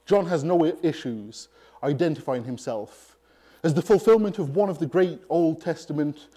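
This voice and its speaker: Mellow-voiced male preacher. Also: a little high. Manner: emphatic, with deliberate pauses. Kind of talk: sermon.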